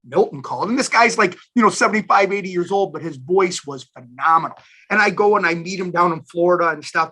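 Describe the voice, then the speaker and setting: A man in his fifties, a station manager and alumni guest, telling career stories in a chatty, animated interview. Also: sits high, breathy edge. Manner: animated, chatty storyteller who addresses listeners as guys. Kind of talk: casual storytelling interview.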